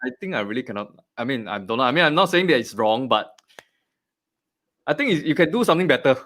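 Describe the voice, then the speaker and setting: Singaporean guy interviewing, short hesitant comments, mid pitched voice. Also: very animated, fast, fairly bright tone. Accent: Singaporean English. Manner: brief backchannel replies, hesitant. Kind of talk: casual interview.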